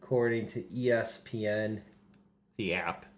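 A man's voice: fairly low pitch, measured pace. Hesitant young man chatting sports. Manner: hesitant, many ums and restarts. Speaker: podcast co-host. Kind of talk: casual sports podcast chat.

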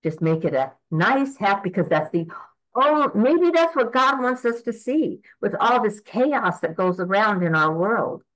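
In a low-quality recording, a woman in her eighties prays aloud to God and then reflects on her words. Her medium-pitched voice is fairly bright and animated, and she speaks at a measured pace in an earnest, reflective way.

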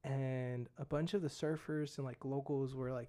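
Laid-back young man, mellow voice. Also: mid-range voice, steady tone, moderate pace. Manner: laid-back, fillers like "dude" and "like". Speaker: guest missionary. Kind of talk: casual storytelling testimony.

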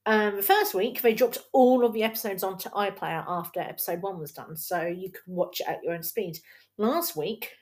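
A woman hosting a casual solo film podcast at home, chatty and rambling and laughing often, recorded on a laptop's built-in mic. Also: mid-range voice. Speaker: podcast host.

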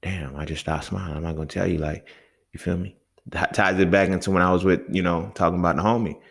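A young podcast host speaks heatedly and profanely to his listener in a casual solo show, constantly checking in with "you feel me." His low-pitched voice is steady, quick, gravelly, and husky.

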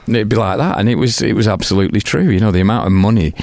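A man's voice: fairly low pitch, racing, creaky, darkish tone, dry recording. An older man with a British accent, talking as an interview guest. He tells stories animatedly, swears freely and acts out other people's lines. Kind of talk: casual interview storytelling.

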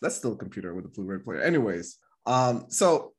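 A man's voice: on the low side, sing-song, a little fast, breathy edge. Rambling, laughing male podcast host. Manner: laughing, filler-heavy, rambling. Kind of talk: casual chat.

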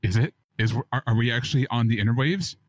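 Male podcast host, playful and teasing, mid pitch, dead-dry sound. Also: quick pace, no room sound. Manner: playful, teasing, hype-style introductions. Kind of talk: casual gaming podcast chat.

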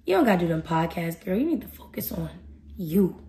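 A woman voicing a sly, scheming male devil who coaxes in a low, drawling tone. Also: very animated, a little fast, warm tone, a little hiss or hum. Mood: sly, tempting.

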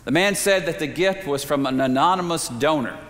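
A man preaching a sermon, telling a story in a measured way with slow, emphatic pauses. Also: fairly high pitch, a bit bright. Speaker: pastor. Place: church sanctuary. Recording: reverberant sanctuary.

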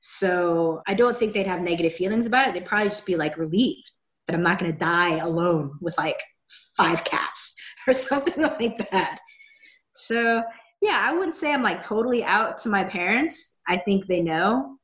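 A woman's voice: fairly low pitch, fairly quick, fairly bright tone. A woman from Seattle telling a personal story in a candid, chatty way, with a wry, self-deprecating humor. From Seattle, USA. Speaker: guest sharing a personal story. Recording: roomy echo.

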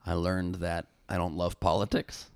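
Gravelly low-voiced man telling a story. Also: normal speed, no room sound, clean studio sound. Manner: animated storyteller, many restarts. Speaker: former presidential candidate and comedian, guest. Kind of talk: casual interview storytelling.

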